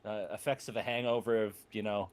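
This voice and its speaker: A man's voice: on the low side, fairly even intonation, fairly quick. A man playing in a tabletop game, laid-back and chuckling through what his character does. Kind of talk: tabletop role-play chat.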